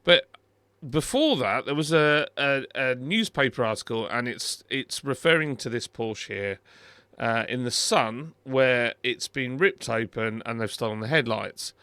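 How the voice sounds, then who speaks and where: A middle-aged British man talks through a screen recording in a relaxed, wry way, stumbling and restarting as he goes. His voice is bright and forceful with a gravelly fry underneath. The sound is dry and close, with no room around it. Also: mid-range voice, measured pace, no echo. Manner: chatty and wry, with many fillers and restarts. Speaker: car video host. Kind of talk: casual commentary over a screen recording.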